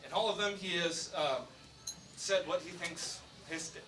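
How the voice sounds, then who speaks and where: A man's voice: high-pitched, measured pace, background noise. A young man giving a humorous introduction speech for his father, telling a story with many fillers. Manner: storytelling, joking, hesitant fillers. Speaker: son introducing the speaker. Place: election night event room. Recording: distant mic with loud crowd.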